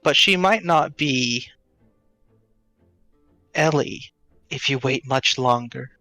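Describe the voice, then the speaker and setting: A man's voice: medium pitch, takes it slowly, pushed and bright, soft background music. A man voicing a callous, mocking male tree spirit that taunts and speaks in riddles. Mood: taunting. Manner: taunting, cryptic, laughs callously.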